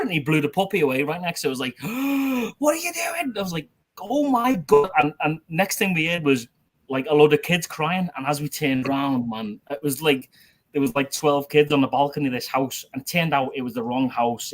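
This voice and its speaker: A man's voice: medium pitch, brisk. A man in his forties, an army veteran guest, telling a rambling story with laughs and swearing. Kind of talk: casual storytelling chat.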